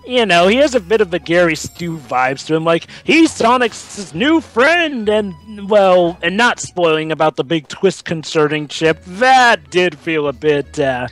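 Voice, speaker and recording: High, animated young man joking around. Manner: joking, animated, quick interjections. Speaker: co-commentator. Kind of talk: casual let's-play group commentary.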